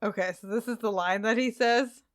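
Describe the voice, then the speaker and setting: A woman's voice: a little high, a little fast, no echo, studio quality. A woman co-hosting a podcast, improvising a scene in a playful, rambling, self-mocking way. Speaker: podcast co-host. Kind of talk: casual improv chat.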